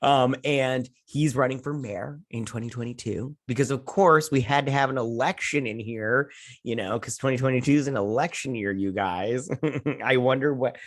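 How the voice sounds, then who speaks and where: A man talks through an episode recap in a loose, rambling way, jumping into characters' voices for quick quotes and tossing in the odd swear word. His voice sits in a middle pitch, and the recording is dry and close with no room sound. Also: no room sound. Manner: swears casually. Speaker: host. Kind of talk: casual recap and review.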